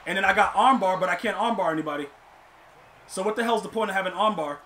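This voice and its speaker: A young man streaming a football video game, complaining to himself and his chat and shouting in disbelief at bad plays. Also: sits high, fast, a little hiss or hum. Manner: exasperated, talks to himself and chat. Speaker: gaming streamer. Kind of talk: live gameplay commentary.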